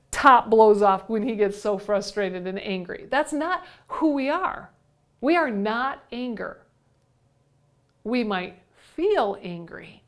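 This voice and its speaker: A woman giving a conversational coaching talk, repeating key phrases and asking her listeners questions. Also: fairly high pitch. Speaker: leadership coach and podcast host.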